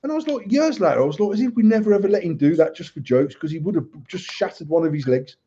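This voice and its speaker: A man's voice: sits high, expressive, fast, dark tone, breathy edge. A man, co-hosting a podcast and telling a rambling family anecdote in casual, sweary chat. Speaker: podcast co-host. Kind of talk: casual storytelling. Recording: dull lo-fi audio.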